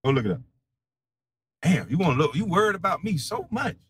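A man in a heated, profane monologue, defiant and mocking, laughing scornfully and swinging between low mutters and loud taunts. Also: big pitch swings, fairly quick, noisy background. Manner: casual slang-heavy speech.

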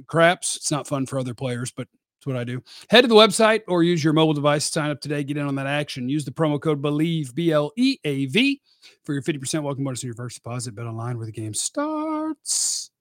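A man's voice: fairly high pitch, lively intonation, quick pace, dry recording, studio quality. A man hosting casual live-stream sports commentary, blunt and opinionated with a rambling delivery. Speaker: sports radio host.

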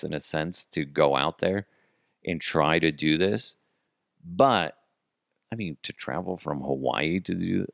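A man's voice: deep voice, creaky, no echo, clean studio sound. A man hosting a podcast, talking casually and rambling offhand, with frequent restarts. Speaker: podcast host. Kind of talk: casual solo commentary.

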